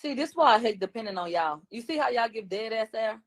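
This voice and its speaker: A woman's voice: fairly high pitch, animated, fairly quick, no echo. A woman, a guest commentator on a livestream, talking bluntly and combatively in casual chat.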